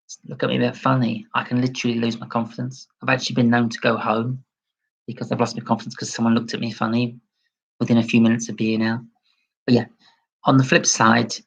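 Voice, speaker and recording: A man chatting casually on a livestream and reading out viewer comments. He talks in a self-deprecating way and gently lifts his voice toward a feminine tone. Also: medium pitch, creaky, slightly rough, low-quality recording. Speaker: livestream host.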